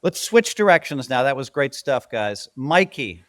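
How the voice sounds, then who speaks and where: A man's voice: medium pitch, big pitch swings, unhurried, fairly bright tone, no echo, clean studio sound. A man hosting a casual sports podcast, ranting emphatically and bantering with his co-hosts. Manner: emphatic, bantering, rant-style delivery. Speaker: podcast host.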